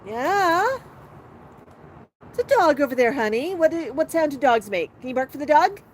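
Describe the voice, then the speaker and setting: A woman's voice: sits high, lively intonation, quick pace, darkish tone, rough recording. A woman vlogging from an outdoor patio, chatting in a sing-song voice and baby-talking to her pet bird. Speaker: parrot owner and channel host. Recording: outdoor recording with street noise. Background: outdoor street ambience with passing cars.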